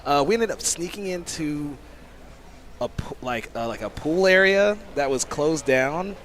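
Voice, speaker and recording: A man, a sumo coach, giving casual sports commentary, excitable and often laughing while telling rambling stories. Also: on the high side, unhurried, a little hiss or hum. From United States.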